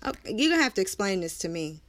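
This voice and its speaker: A young woman from Texas with a Texas accent, co-hosting a podcast in casual, animated chat, laughing easily. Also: medium pitch, fast talker, no echo. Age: young adult. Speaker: podcast co-host.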